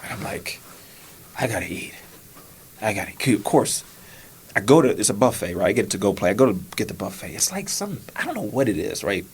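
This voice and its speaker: A male podcast host telling a personal story in an easy conversational way. His fairly low voice moves a lot in pitch as he acts out his own past lines, dropping to a whisper and then rising high. A faint hum of room noise sits behind him. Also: big pitch swings, a little fast.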